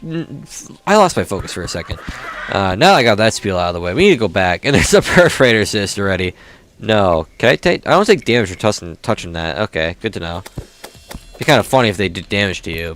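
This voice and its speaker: A man's voice: low voice, a bit bright, a little hiss or hum. A young man casually commenting while playing a video game, swearing often and grumbling at the game. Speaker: gaming YouTuber. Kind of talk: casual let's-play commentary.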